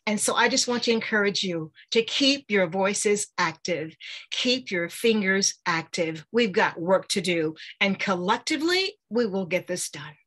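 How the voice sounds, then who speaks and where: A woman's voice: mid-range voice, animated, unhurried, fairly bright tone. An older woman gives an earnest, rallying motivational speech over a video call, speaking with a preacher-like cadence. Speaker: guest speaker.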